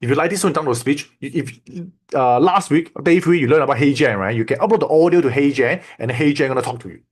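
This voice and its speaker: A man walking students through a software tool in a loose, repetitive teaching style, checking in often with "okay?" and "right?". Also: a little high, quick pace, breathy edge. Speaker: online course instructor. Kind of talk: casual screen-share tutorial.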